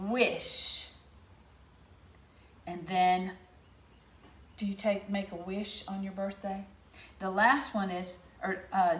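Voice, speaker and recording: A middle-aged woman teaching young children a phonics lesson from home into a laptop camera, sounding out letters slowly and clearly. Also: medium pitch, roomy sound. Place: home room.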